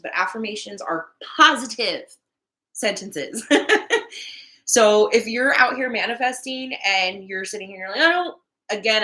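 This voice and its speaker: A woman's voice: medium pitch, sharp tone. A young woman hosting a casual live stream, talking candidly with frequent swearing and laughter and tossing in Spanish words. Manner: chatty, candid, swears freely, laughs often. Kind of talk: casual live stream chat about manifesting.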